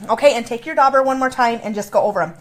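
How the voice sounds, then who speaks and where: A woman's voice: fairly high pitch, a bit bright, slight background noise. Chatty woman demonstrating a craft. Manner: chatty, playful, explains step by step. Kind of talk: casual craft tutorial.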